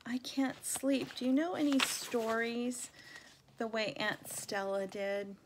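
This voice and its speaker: A woman's voice: on the high side, fairly even intonation, takes it slowly, background noise, voice pushed up. A woman voicing a young female elephant who is grieving, speaking in a tearful, pleading way.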